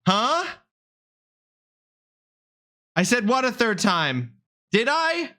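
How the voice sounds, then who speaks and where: A man live-streaming, chatting with his viewers in a lively, mock-indignant way and swearing freely. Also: very high-pitched, measured pace. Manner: animated, mock-indignant, swears freely, talks straight to chat.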